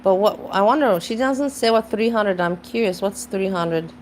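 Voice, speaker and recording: A woman's voice: medium pitch, moderate pace, slight background noise. A woman hosting a reaction channel, musing and rambling in casual commentary. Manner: musing, rambling, chuckles at her own jokes.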